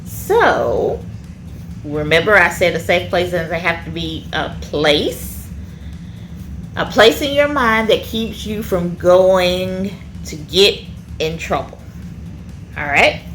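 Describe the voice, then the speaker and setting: A woman teaching a children's church lesson in an animated way, often checking in with the kids by asking "okay?". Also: fairly low pitch, a little hiss or hum.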